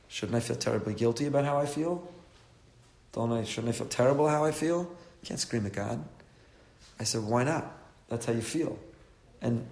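A man's voice: mid-range voice, creaky, a little mellow, roomy sound. An older man giving an earnest sermon as a rabbi. He mixes in Hebrew and Yiddish terms and builds to impassioned pleading.

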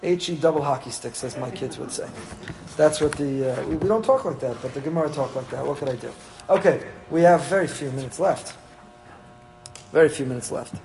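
A man's voice: on the high side, fairly quick, darkish tone, low-quality recording. A man, a rabbi giving a Torah class to his congregation, mixing Hebrew terms into English.

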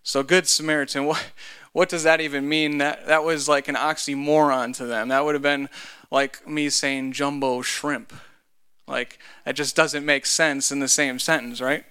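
Man pastor, smooth resonant voice pitched a little high, chatty sermon delivery. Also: flat delivery, normal speed, pushed and bright. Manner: conversational, joking asides.

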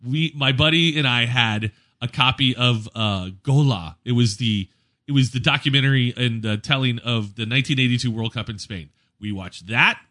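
A man in his forties in casual chat, an animated storyteller who laughs as he talks. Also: medium pitch, moderate pace.

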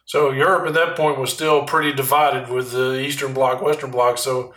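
A man interviewing a guest, asking brisk, level questions. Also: medium pitch, little pitch movement, bright, forceful tone. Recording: echoey room.

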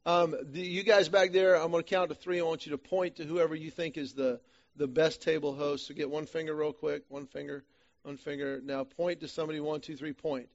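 A man with a slightly raised speaking pitch leads a men's church study group. He tells stories in an animated, self-deprecating way. The sound is a little dull and lo-fi. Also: brisk. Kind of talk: church small-group teaching talk.

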